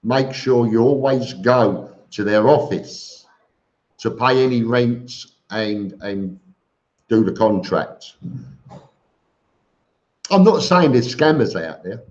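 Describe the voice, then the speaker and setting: A man's voice: medium pitch, expressive, slow, pauses often, darkish tone. A man hosting a casual live stream, greeting viewers by name and answering their questions with chatty, joking asides. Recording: dull lo-fi stream audio.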